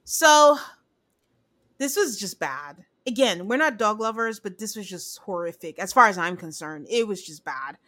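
A woman's voice: medium pitch, animated, normal speed, fairly bright tone. A woman chatting casually as a podcast co-host, animatedly retelling scenes and acting out the quotes. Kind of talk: casual recap chat.

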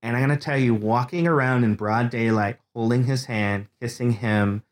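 A man's voice: medium pitch, moderate pace. A man in his thirties, a podcast guest, candidly telling a personal story, earnest and emotional, rambling with restarts. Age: 30s.

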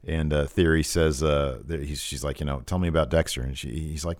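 A low-pitched man talking through a recap in a casual, chatty way. His voice sits close and dry, with no room around it. He gets animated, jumping up into high voices when he quotes someone. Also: fairly quick, no echo. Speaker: podcast co-host.

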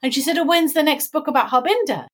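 Woman author, middle-aged, fairly high voice, chatty with tag questions. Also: fast talker, a bit bright. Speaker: author guest. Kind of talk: casual interview chat.

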